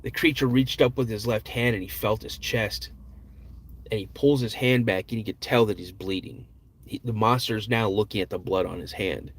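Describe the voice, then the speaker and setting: Man slowly telling a suspenseful story. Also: fairly low pitch. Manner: slow, suspenseful storytelling with frequent restarts and repeated words. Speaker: podcast host. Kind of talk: retelling an eyewitness encounter story.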